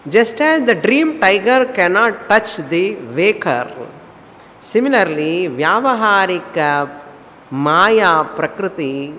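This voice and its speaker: A man's voice: sits high, sharp tone. A man with a Tamil Indian English accent, a spiritual teacher giving a scriptural discourse, who asks rhetorical questions and mixes in scripture terms. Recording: long hall reverb, faint noise.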